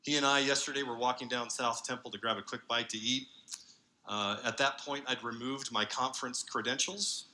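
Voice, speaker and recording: Earnest bright-voiced man giving a keynote. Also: medium pitch, steady tone, slight background noise, rough recording. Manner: earnest, halting with frequent fillers. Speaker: convention speaker, university researcher. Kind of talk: conference keynote talk. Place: large convention hall.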